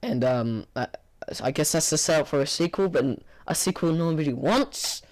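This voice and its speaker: His voice is a little high, hoarse, and tired as he reviews a film at a normal speed. The man rambles casually in a flat, bored way, stumbling through many fillers and restarts.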